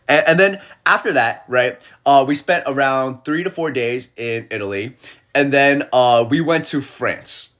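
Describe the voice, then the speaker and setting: A young man chatting casually on a phone livestream, an animated storyteller who acts out the people he quotes. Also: mid-range voice, measured pace.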